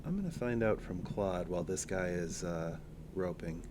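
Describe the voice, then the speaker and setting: A man streaming a card game, joking and thinking out loud as he plays. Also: sits low, normal speed, noisy background. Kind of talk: casual card-game livestream commentary.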